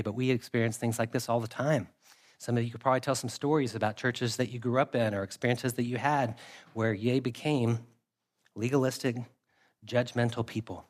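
A man's voice: medium pitch, fairly quick. A man preaching a sermon in a conversational way, reading scripture aloud and repeating key phrases for emphasis. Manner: reads scripture aloud in a steady cadence. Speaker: pastor.

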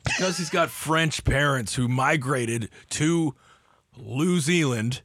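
A man's voice: a little high, takes it slowly, a bit bright, no room sound. A man in a casual chat, joking crudely.

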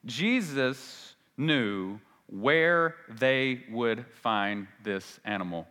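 A man preaching a sermon as a pastor, emphatic, swinging between loud and hushed and repeating phrases for stress. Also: medium pitch, lively intonation, very slow, hardly any pauses. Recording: long reverb of a large hall.

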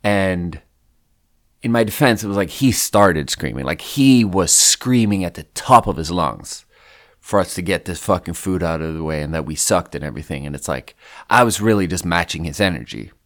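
A man's voice: deep voice, lively intonation, normal speed. A man hosting a podcast who tells a rambling, profane story in a casual way. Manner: rambling and profane, with frequent fillers. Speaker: podcast host.

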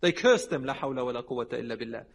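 A man preaching a sermon, telling stories with lively voiced dialogue and dropping Arabic religious phrases. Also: medium pitch, rapid-fire, creaky. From Lebanon. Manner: animated storytelling, acting out quoted people. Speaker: Islamic preacher.

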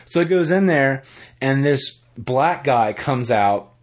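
Husky man rambling through a TV recap. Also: medium pitch, slow. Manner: rambling, animated retelling with quoted voices. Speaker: podcast co-host. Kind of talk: casual chat, retelling a TV episode.

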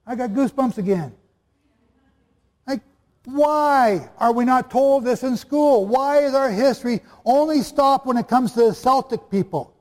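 This man's voice is very high and darkish, delivered at a measured pace. Before a live audience in a big, echoing hall, he teaches the Bible in a chatty, joking way, frequently putting questions to the crowd.

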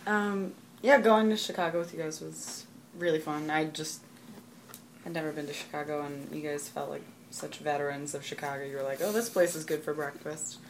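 Low-voiced woman reminiscing. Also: steady tone, moderate pace, a little hiss or hum. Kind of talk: casual chat.

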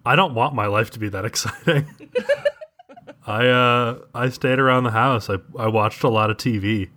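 A laid-back man co-hosts a podcast and talks in a hesitant way, with plenty of fillers. His voice is bright and forceful at a middle pitch. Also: moderate pace. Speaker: podcast co-host. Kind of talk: casual chat.

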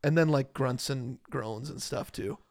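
A man hosting a podcast in relaxed, chatty conversation that often trails off into fillers. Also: medium pitch, a little slow, dry recording, studio quality. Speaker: podcast host. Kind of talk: casual chat.

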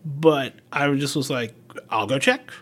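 A man speaks unhurriedly in a medium-pitched, slightly bright voice. A paramedic by trade, he tells stories in a relaxed podcast conversation, speaking frankly, cursing, and voicing the dialogue he quotes.

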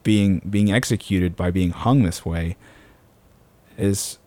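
A man in a casual faith discussion on a podcast, earnest and halting, with many restarts. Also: sits low, darkish tone, no echo.

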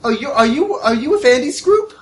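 A woman's voice: high voice, expressive, fairly quick, voice pushed up. Tiffany, a shrieking manic woman. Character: frantic gun-toting young woman Tiffany.

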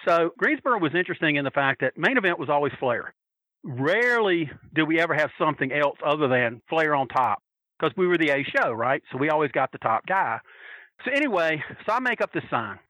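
Bright, animated man telling stories. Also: a little high, brisk, no echo, low-quality recording. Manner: animated, acts out quoted voices. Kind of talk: casual anecdote telling.

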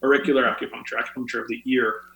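A man's voice: medium pitch, flat delivery, rapid-fire, gravelly, fairly bright tone. A man appearing as a guest on a podcast, explaining health tips at length with frequent fillers like "um" and "uh". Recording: roomy echo.

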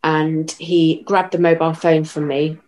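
Low voiced woman telling what happened to her, halting, steady, interview. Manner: measured, halting retelling with restarts. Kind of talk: personal account in an interview.

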